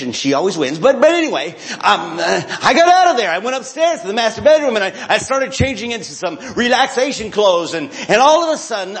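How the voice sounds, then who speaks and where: Lively, animated man telling a story. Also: high voice. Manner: chatty and self-mocking, addresses the crowd directly, acts out voices. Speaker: speaker telling a story to an audience. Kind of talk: animated storytelling to a live audience.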